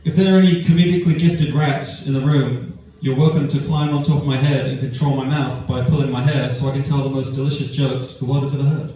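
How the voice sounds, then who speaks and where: A man from the outskirts of London with an Australian-sounding accent, doing a stand-up comedy set of deadpan one-liners with odd word stresses. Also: mid-range voice, fast, hardly any pauses. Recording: echoey room heard from far off, faint noise. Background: audience laughter.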